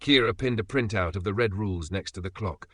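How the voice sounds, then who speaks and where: Man reading a story aloud, measured, lowish voice, bright tone. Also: husky. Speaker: narrator. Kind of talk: scripted audiobook narration.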